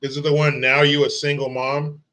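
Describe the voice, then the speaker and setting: A man hosting a casual livestream, reading out viewer comments and greeting people by name in an animated, profane way. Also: on the high side, moderate pace. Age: adult father of young children. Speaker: livestream host.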